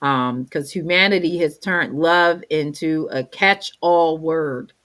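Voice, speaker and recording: A woman co-host who reads scripture deliberately and then talks through it casually. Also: low voice, fairly bright tone. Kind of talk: reading scripture and faith chat.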